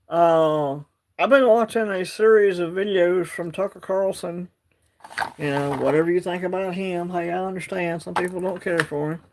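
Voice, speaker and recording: A man talks into his phone on a casual livestream, drawling and wandering from point to point as he answers the chat. His voice sits a bit higher than most men's. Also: a little mellow. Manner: rambling, drawling, reads chat aloud. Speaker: livestream host.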